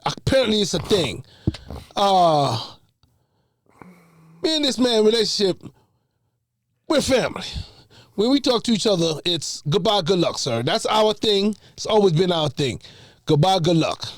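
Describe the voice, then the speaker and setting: High, lively Jamaican-accented man. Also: a little slow, pauses often, no room sound, studio quality. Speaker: podcast guest. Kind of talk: casual storytelling.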